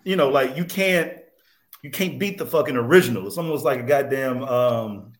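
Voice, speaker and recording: A man's voice: mid-range voice, normal speed, reverberant. A man co-hosting a casual show recap, ranting profanely and laughing as he talks. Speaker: podcast co-host.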